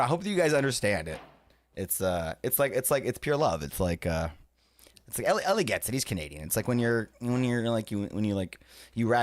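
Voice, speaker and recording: A man in his thirties chatting casually on a live stream, laughing often and swearing in excited outbursts. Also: mid-range voice. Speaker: livestreamer.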